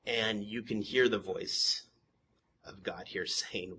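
A man pastor preaching a sermon to his congregation, moving from calm teaching to impassioned, emphatic questioning, with joking asides to the congregation. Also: on the low side, takes it slowly, slight background noise. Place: church sanctuary with a congregation.

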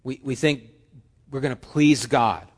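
A male pastor preaching a sermon, animated, swinging between loud emphasis and soft, hushed lines. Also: medium pitch, a little slow, long reverb tail.

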